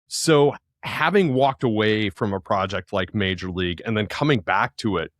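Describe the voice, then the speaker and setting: Measured low-voiced male interviewer. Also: fairly bright tone, no room sound, clean studio sound. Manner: measured, long thoughtful questions. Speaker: podcast host.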